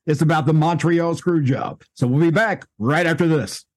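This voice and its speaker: A man's voice: fairly high pitch, moderate pace. A man hosting an interview, prompting his guest with questions and reacting to the stories. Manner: prompting, reacting, laughs along. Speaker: host.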